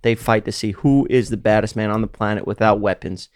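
A man's voice: on the low side, fairly even intonation, brisk, darkish tone, dry recording, studio quality. A man hosting a podcast, telling rambling stories in casual chat and swearing often. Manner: profane, rambling storyteller. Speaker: podcast host.

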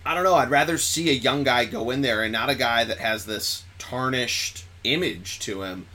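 A man hosting a podcast, chatting casually and excitably about sports, rambling and correcting himself as he goes. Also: medium pitch, normal speed. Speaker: podcast host.

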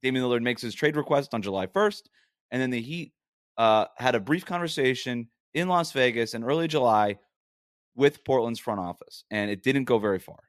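A man hosts a sports podcast in a casual, argumentative monologue. He talks at an ordinary middle pitch and presses each point with rhetorical questions. His voice sounds dry and close to the mic, with no room around it. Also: lively intonation, moderate pace, dry recording. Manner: emphatic and argumentative, with frequent rhetorical "right?".

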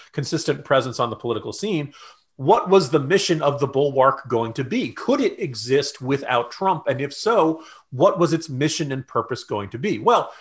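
A man co-hosting a political podcast, talking loosely and mockingly, jumping up in pitch to mimic the views he scoffs at. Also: fairly bright tone. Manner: sarcastic, mocking quotes in a raised voice; loose and conversational with restarts. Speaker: podcast co-host.

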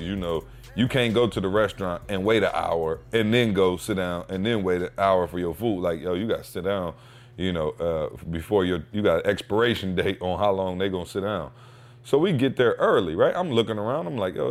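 A man hosting a podcast, telling a casual, slangy story with lively energy and acting out what people said. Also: low voice. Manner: animated storyteller, slangy, acts out quotes. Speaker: podcast host; father.

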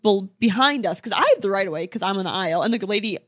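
A woman's voice: medium pitch, very fast, fairly bright tone, dry recording. Enthusiastic woman with a dry close sound. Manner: enthusiastic, eager reactions. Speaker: podcast co-host. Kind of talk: casual chat. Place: hotel room.

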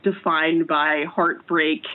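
Woman in her twenties on a phone line. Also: takes it slowly. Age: 20s. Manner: animated storyteller, quoting herself in higher voice. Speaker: games reporter. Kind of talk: casual chat.

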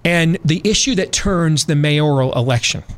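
A male radio host speaks in a slightly higher voice and gives emphatic opinion commentary. He talks straight to his audience and stresses his points hard. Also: normal speed. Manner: emphatic, addresses listeners directly. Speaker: radio talk show host.

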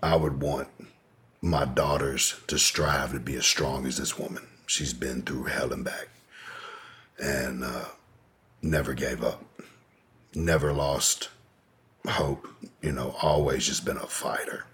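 Speaking slowly with long pauses, this man has a very deep, somewhat bright and husky voice with fairly even intonation. He's a guest on a podcast, wandering through a lengthy personal tale in a laid-back style full of swearing.

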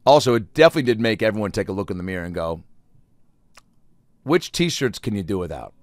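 A man telling a rambling, profane comic story in a casual monologue, breaking into loud acted-out quotes. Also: lowish voice, very animated, fast talker, long pauses, dry recording. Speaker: comedian.

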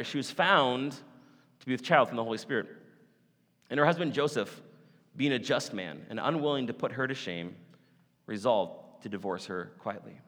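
Animated preacher with a raised voice. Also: male voice, a little high, big-room sound. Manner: animated, conversational storytelling. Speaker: pastor. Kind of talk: sermon.

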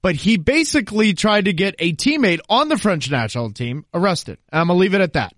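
A man's voice: sits high, sing-song, a little fast, a bit bright, no room sound, clean studio sound. A man talking soccer on a podcast as an analyst guest, emphatic and confident as he explains at length. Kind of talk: casual podcast chat.

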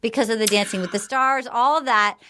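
A woman hosting a podcast, chatting excitedly and recapping scenes in a casual way. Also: a little high, a little fast. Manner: chatty and excitable, recounts scenes with quoted voices. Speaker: podcast host. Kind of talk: casual chat recapping a reality show.

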